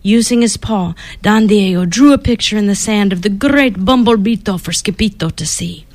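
A woman reading a children's storybook aloud, expressive and dropping to whispers for suspense. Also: mid-range voice, normal speed, no echo.

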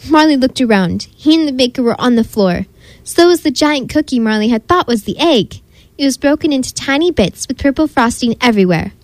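A woman's voice: high-pitched, brisk, dry recording. Woman reading a children's story aloud. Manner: lively, expressive read-aloud. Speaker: narrator.

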